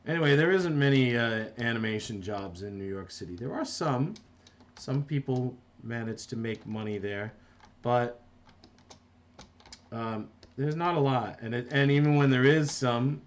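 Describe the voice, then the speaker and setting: Man, middle-aged, from New Jersey, live-stream animator, casual, rambling, stop-start, keyboard typing behind. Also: mid-range voice. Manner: rambling, self-interrupting, reads chat aloud. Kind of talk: casual live-stream chat while drawing.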